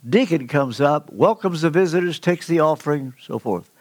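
An older man preaching a sermon, telling stories with emphatic swings in pitch. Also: animated, moderate pace, no echo. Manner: storytelling, emphatic with sudden pitch leaps.

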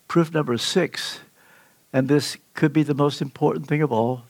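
Older male preacher, gravel in the voice, dry sound, storytelling delivery with big emphatic leaps. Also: fairly high pitch, fairly even intonation, normal speed, darkish tone, no room sound. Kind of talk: sermon.

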